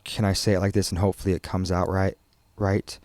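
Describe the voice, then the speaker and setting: A man's voice: low voice, flat delivery, fast talker, a little mellow, no room sound. A man co-hosting a ministry podcast in casual chat, agreeable and often chiming in with short affirmations. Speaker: podcast co-host.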